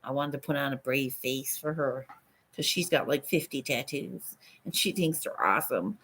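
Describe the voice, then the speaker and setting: A woman's voice: a bass voice, normal speed, fairly bright tone, breathy edge. A middle-aged woman hosting a casual livestream from her phone, rambling, swearing casually and laughing often. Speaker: livestream host.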